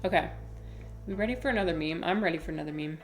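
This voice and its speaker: A woman chats playfully on her live stream, her voice sitting a little low. She talks from a room at home with a roomy echo, and music plays clearly behind her. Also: rapid-fire. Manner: chatty and playful, cooing baby talk to her pet. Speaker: livestream host. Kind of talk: casual streaming chat and reading aloud. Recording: echoey room with music playing.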